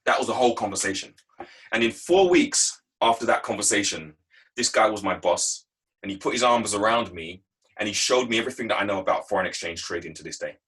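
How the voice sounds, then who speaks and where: His voice sits low, a bit bright and husky, and he speaks fast. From England, he's a guest speaker giving a motivational talk on a video call, telling stories from his working life in an emphatic, repetitive way, with low-quality recording.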